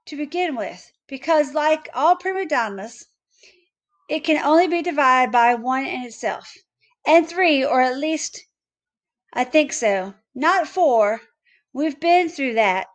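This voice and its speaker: A woman's voice: high-pitched, expressive, slow. Woman reading as a stubborn young boy. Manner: grumbling, defiant.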